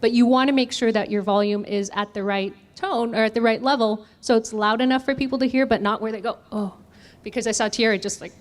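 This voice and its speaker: A woman with a fairly high, evenly pitched voice talks quickly and barely pauses. She's a communication trainer leading an interactive workshop, questioning the audience and demonstrating voice techniques.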